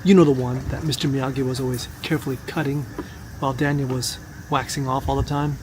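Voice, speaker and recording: A man in his sixties, hosting a vlog and telling stories in a punchy, animated way that turns loud and emphatic. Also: mid-range voice, quick pace, a little hiss or hum. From Miami, Florida, US. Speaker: vlog host and martial arts teacher. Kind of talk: casual storytelling vlog.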